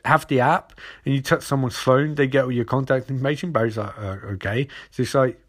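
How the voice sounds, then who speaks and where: A man's voice: mid-range voice, steady tone, quick pace, fairly bright tone. A man casually recapping a TV episode in a rambling, sarcastic way, swearing freely and breaking off with asides.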